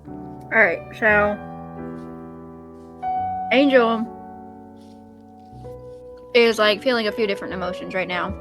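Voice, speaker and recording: A woman's voice: mid-range voice, slow pace, pauses often, music in the background. A woman playing in a tabletop game, chatty and full of "like" while describing her character's feelings. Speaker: player. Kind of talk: casual tabletop play.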